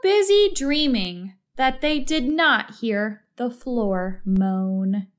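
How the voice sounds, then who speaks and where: Woman reading a kids' book out loud, slow and careful, kinda high voice. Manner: slow, expressive and deliberate. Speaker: story reader. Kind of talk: children's storybook read-aloud.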